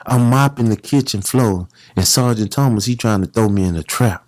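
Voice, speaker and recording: Animated male storyteller, dry close sound. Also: lowish voice, moderate pace, no room sound. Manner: animated, acts out the other voices in his stories. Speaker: guest. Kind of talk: casual storytelling.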